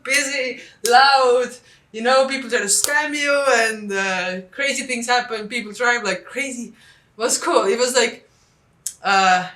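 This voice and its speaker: Animated woman vlogging. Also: reverberant. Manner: animated, acts out quoted dialogue with big pitch jumps. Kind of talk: casual travel vlog storytelling.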